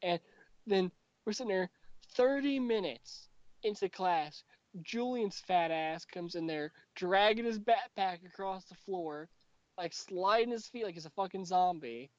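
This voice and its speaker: A young podcast host whose voice sits high recounts a school tale at a measured pace, swearing a lot and mimicking his friends mockingly. The sound is a dull lo-fi home recording with no echo.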